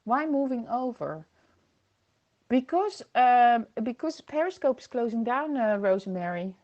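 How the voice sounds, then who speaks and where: A woman's voice: on the high side, lively intonation, measured pace, a little mellow, dull audio. A woman hosting a casual livestream from home on her computer, reading viewer comments aloud and laughing often. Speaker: livestream host. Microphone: computer microphone.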